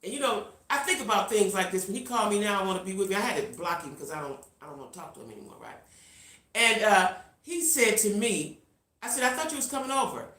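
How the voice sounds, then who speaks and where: Bright-voiced middle-aged woman storytelling live. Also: medium pitch, fast, reverberant. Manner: animated, talks straight to viewers; reads out viewer comments. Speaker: livestream host. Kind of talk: casual storytelling livestream.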